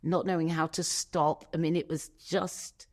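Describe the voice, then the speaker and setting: A woman telling a painful personal story as an interview guest, emotional and searching, with pauses. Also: deep voice, flat delivery, a little mellow.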